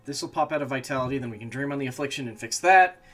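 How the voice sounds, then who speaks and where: Narrating his own gameplay on stream, this man speaks rapid-fire at a medium pitch, erupting now and then into frustrated swearing. Faint music plays behind his casual commentary.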